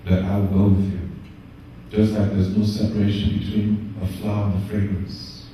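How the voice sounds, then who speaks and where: A man's voice: fairly low pitch, monotone, normal speed, mellow, a little hiss or hum, close to an everyday voice. A man voicing a devoted young princess wife, urgent and insistent as he retells a sacred story. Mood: tearful. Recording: echoey room, distant mic.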